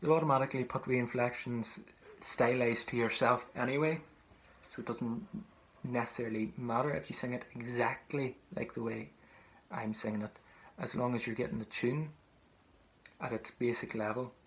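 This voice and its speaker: A man's voice: medium pitch, steady tone, normal speed, fairly bright tone. A man teaching a traditional song, speaking patiently and repeating each phrase for learners to sing back. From Ireland. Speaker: singing teacher. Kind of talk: online singing lesson.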